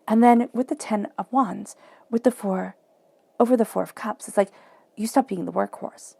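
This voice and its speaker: A woman's voice: fairly high pitch, moderate pace, gravelly, dark tone, husky, no room sound. A woman giving a flowing, encouraging tarot reading, often acting out quoted self-talk. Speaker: tarot reader.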